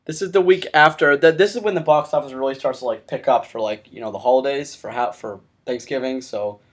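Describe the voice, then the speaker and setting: A man's voice: medium pitch, a little fast. A man hosting a podcast in casual chat, telling long rambling stories with frequent restarts. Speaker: podcast host.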